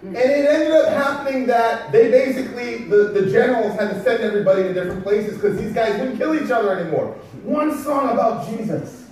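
An extremely high-pitched, slightly mellow pastor speaks quickly, preaching like he's telling a story and firing off rhetorical questions at his audience. The sound comes from far away in a heavily echoing hall.

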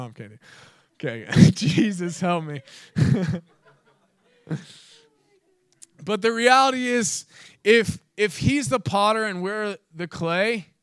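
Male preacher, high smooth voice, dry close sound, earnest with playful asides. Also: no echo. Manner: earnest, laughs at own jokes, playful asides. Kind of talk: sermon.

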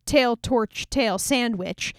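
A woman's voice: fairly high pitch, slow, no room sound, clean studio sound. Chatty, irreverent young woman storyteller. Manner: irreverent, chatty, sarcastic asides. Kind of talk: casual retelling of a scripture story.

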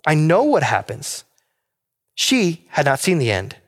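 A male pastor preaches in an earnest, pleading way and keeps asking his listeners questions. His voice sits a bit higher than most men's. A long reverb trails after his words in a large hall. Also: wildly swooping pitch, measured pace, fairly bright tone. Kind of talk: sermon.

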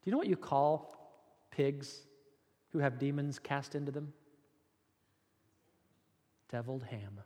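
A male pastor preaching a sermon, telling the story in an animated way with playful asides and jokes. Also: mid-range voice, measured pace, long pauses. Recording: long hall reverb.

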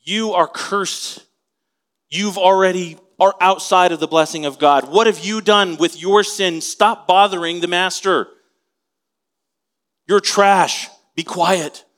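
Male preacher putting on a sneering, harsh crowd voice, raised high. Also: fairly even intonation, slow, a bit bright. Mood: scornful. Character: scornful crowd of men shouting down beggars.

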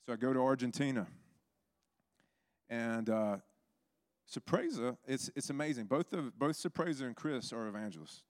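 A man who pastors a church, telling stories in a sermon, lively and acting out the people in them. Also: moderate pace, pauses often. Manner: animated, acts out others with big pitch jumps. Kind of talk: sermon storytelling.

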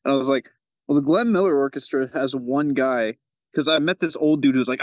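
A man's voice: medium pitch, a little fast, dry recording, rough recording. A man co-hosting a casual chat over a video call, laughing often and swearing as he tells stories. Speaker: podcast co-host.

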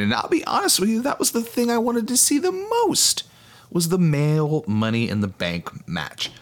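A man's voice: on the low side, a bit bright. A young man hosting a casual solo podcast, laid-back and rambling, swearing freely as he talks. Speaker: podcast host.

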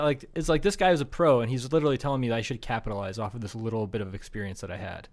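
A man's voice: medium pitch, animated, racing, hardly any pauses. A man co-hosting a casual podcast chat, telling rambling, profane stories between frequent laughs. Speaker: podcast co-host.

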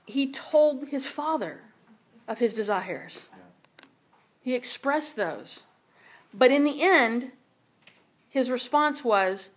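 A woman's voice: high-pitched, lively intonation, slow pace, pauses often. A woman teaching a sermon in a conversational way, often checking in with her listeners. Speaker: Bible teacher.

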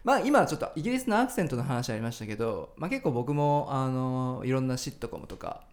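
A man's voice: medium pitch, lively intonation, racing. A man hosting a casual chat, asking questions in a friendly way with many fillers. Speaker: host.

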